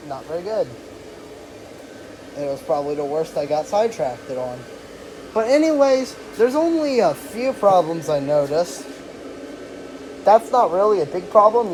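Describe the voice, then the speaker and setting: Rambling, self-deprecating hobby reviewer, casual and offhand; recorded beside a car with a loud background hum. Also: medium pitch, low-quality recording. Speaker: inflatable decoration reviewer. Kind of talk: casual spoken product review.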